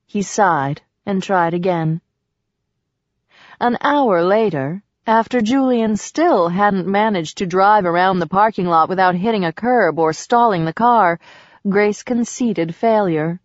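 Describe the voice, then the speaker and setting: Brief: woman audiobook narrator, even sensual delivery, close dry booth sound. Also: mid-range voice, measured pace, no room sound. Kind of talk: scripted narration. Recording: dull dry recording.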